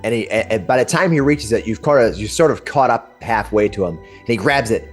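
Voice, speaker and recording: A man's voice: medium pitch, animated, a little fast, soft background music. A man narrating as game master, describing scenes in a meandering, searching way. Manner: descriptive and meandering, with frequent restarts.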